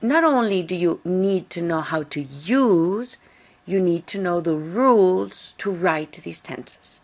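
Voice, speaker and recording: A woman teaching English grammar in a recorded lesson, explaining slowly and carefully and repeating key points. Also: lowish voice, animated. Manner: slow, careful explaining with repetition.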